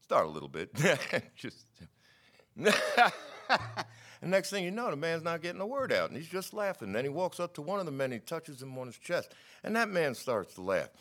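A middle-aged man preaching a sermon, telling stories in a wry, skeptical, animated way. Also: on the high side, fast, hardly any pauses.

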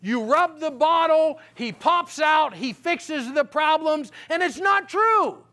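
A guest speaker from Pennsylvania with a strikingly high voice gives his testimony from the pulpit, telling his life story as an animated storyteller. He's folksy and direct, checking in with the crowd with "okay?", and swings from loud punchlines to low, grave tones for the hard parts.

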